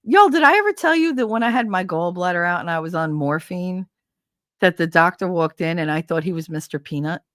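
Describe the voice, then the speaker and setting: Lower-pitched woman telling rambling stories. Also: brisk, no room sound, studio quality. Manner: rambling and animated, swears freely, laughs often. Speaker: streamer. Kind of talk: casual storytelling chat. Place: home streaming setup.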